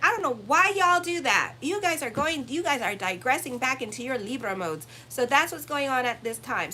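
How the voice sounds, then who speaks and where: A woman's voice: a little high, pushed and bright, slight background noise, poor audio. A woman astrologer giving a casual weekly horoscope reading, blunt and profane, teasing her listeners. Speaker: astrologer and tarot reader.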